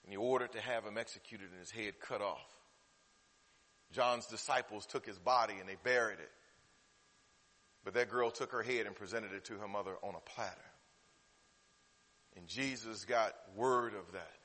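A man preaching a sermon, dropping to hushed low passages and then building to loud, emotional peaks. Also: normal speed, long pauses. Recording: long hall reverb.

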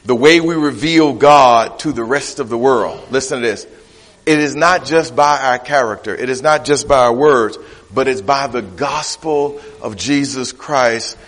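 A man preaching a sermon as pastor, emphatic and repetitive, rising to shouts. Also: mid-range voice, measured pace, in a large hall. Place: church.

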